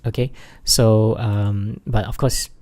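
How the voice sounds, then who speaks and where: A man teaching an English exam lesson over slides, halting often with fillers and restarts, and leaning hard on key words. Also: on the low side, steady tone, dark tone. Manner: stresses key words by raising his voice.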